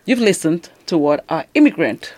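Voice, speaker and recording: A woman hosting a radio panel discussion, lively and affirming, often cutting in with agreement. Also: low voice, moderate pace, no room sound. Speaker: radio show host.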